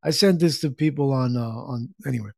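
A man's voice: medium pitch, brisk, vocal fry, dark tone, dry recording, studio quality. A middle-aged man hosting a casual livestream, rambling in an easygoing way and reading viewers' comments aloud. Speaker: livestream host.

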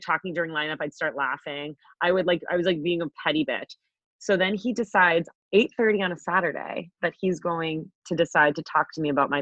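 A young woman co-hosting a podcast, telling a story in a brash, profane, animated way. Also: deep voice, no echo, muffled recording. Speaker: podcast co-host. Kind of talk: casual storytelling chat.

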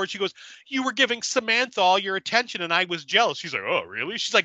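A man's voice: high-pitched, lively intonation, quick pace, sharp tone, no echo. A man hosting a casual podcast, recapping a movie with profanity and acting out the characters' lines. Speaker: podcast host.

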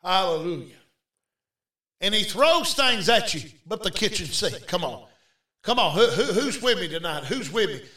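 High-voiced shouting male preacher. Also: big pitch swings, moderate pace, distant mic. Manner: shouting, exhorting the crowd with repeated calls. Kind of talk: fervent revival sermon. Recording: echoey room, voice off-mic.

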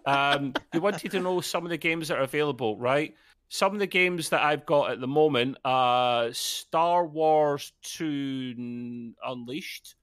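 A Scottish podcast co-host with a somewhat high voice who rambles and restarts his sentences. The sound is dry, with little room echo. He keeps a loose, conversational tone. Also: measured pace, fairly bright tone. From Scotland. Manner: chatty, restarts a lot. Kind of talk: casual podcast chat.

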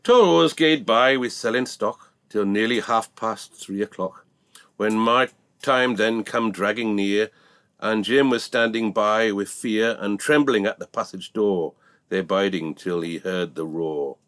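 A Scottish man reciting a long rhyming dialect poem in a measured, rhythmic way. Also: fairly low pitch, a bit bright, no echo.

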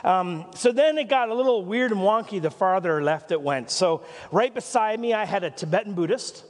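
Man, Canadian accent, pastor preaching, rambling anecdotes with side jokes, fairly high voice, long hall reverb. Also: lively intonation, normal speed. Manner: rambling, self-interrupting storytelling with asides and jokes. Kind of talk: sermon. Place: church.

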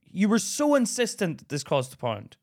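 A man tells stories on a casual podcast, his pitch leaping about as he acts out every voice. His voice sits a little high for a man. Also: moderate pace. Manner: animated, acts out voices in anecdotes. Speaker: podcast co-host. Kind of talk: casual storytelling chat.

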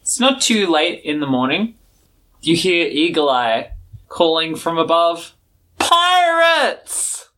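A woman's voice: deep voice, animated, a little slow, a bit bright. A woman narrating a tabletop game as game master, playful and casual.

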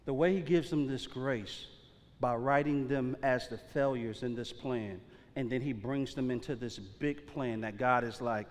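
A man's voice: mid-range voice, a little slow. A man preaching a sermon as pastor, in a casual, slangy way that keeps checking in with the congregation. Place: church sanctuary. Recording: long reverb of a large hall.

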